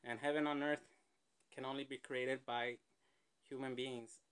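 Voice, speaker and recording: A man's voice: mid-range voice, level tone, unhurried, fairly bright tone, clear, resonant tone. A man hosting a casual reaction show, rambling and joking between clips. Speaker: host reacting to a video.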